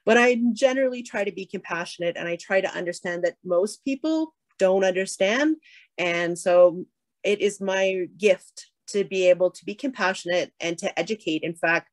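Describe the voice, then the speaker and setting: A middle-aged woman from Canada speaks candidly in a keynote address, her voice a little low. She pauses often with fillers and restarts. The sound is close and dry. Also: no echo. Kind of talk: keynote speech.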